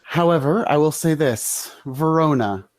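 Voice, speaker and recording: A man narrating a tabletop game as game master, in a dry, deliberate way. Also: a little high, dry recording.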